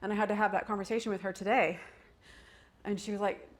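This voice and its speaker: A fitness instructor and mother coaches a workout in a medium-pitched, fairly even, fast voice. She's chatty, urging listeners to keep going and slipping personal stories in between counting off moves, all part of her motivational workout talk.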